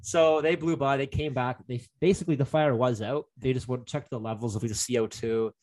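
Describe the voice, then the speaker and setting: Young guy, casual storyteller, rambly, filler-heavy, mid-pitched. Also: fairly even intonation, a little fast, darkish tone. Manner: rambling, many fillers and restarts. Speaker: guest telling a story. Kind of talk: casual chat.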